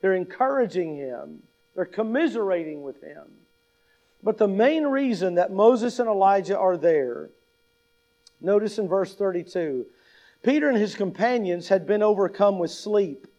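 A man's voice: high voice, lively intonation, a little slow, mellow, low-quality recording. A pastor preaching a sermon in an emphatic way, repeating key lines and asking his listeners questions.

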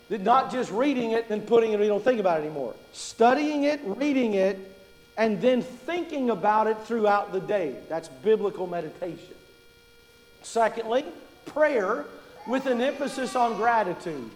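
A man preaching a sermon to his congregation, conversational and full of questions, slowing down to stress his key points. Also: high voice, darkish tone, reverberant, big-room sound, poor audio. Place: church.

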